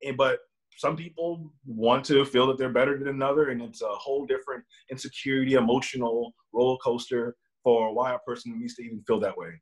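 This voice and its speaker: Earnest young man, halting speech. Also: mid-range voice, fairly even intonation. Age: young adult. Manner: earnest, halting, many restarts. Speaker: guest. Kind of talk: casual conversation.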